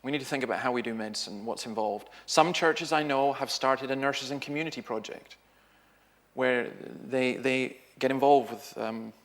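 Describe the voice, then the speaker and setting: A middle-aged minister speaks in a church, telling stories with lively shifts of voice. He acts out the people in his anecdotes as he goes. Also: medium pitch, moderate pace. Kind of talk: sermon talk with anecdotes.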